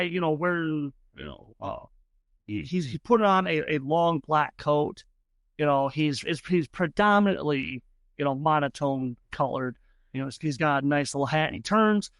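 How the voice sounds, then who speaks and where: A man's voice: fairly high pitch, fairly bright tone, dry recording. Guy gm rambling thru the scene, lots of ums, dry close mic. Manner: rambling, many fillers and restarts. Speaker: game master. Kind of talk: narrating a tabletop game.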